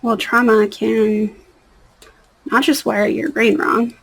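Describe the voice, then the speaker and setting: A young woman talks casually while painting her nails, her voice husky and a little gravelly. She sits somewhat high for a woman and rambles, often dropping to a near-whisper at the ends of thoughts. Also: flat delivery, slow, rough recording. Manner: rambling, soft-spoken, drifting into near-whispers. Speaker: nail art vlogger. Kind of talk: casual chat.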